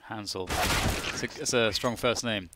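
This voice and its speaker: A man's voice: on the low side, unhurried, heavy background noise. A man casting a live esports match, chatty and analytical with his co-caster.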